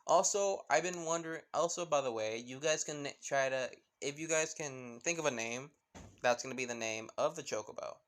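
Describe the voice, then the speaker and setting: A man's voice: a little high, moderate pace. Young guy rambling thru a fan story, lots of like and you know. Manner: rambling, full of fillers. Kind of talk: casual improvised story narration.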